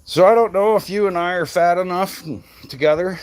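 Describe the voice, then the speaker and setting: Live-streaming from an outdoor job site, this Michigan tree business owner talks in a high-pitched, brisk voice with a clean tone and no room sound. His talk is loose and rambling, and he swears freely.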